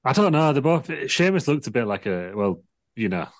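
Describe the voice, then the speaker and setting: A man's voice: sing-song, a little fast, dry recording, clean studio sound. A British man chatting casually about wrestling as a podcast co-host, acting out wrestlers' lines with laughs. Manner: acts out wrestlers' lines in big high voices, laughs often.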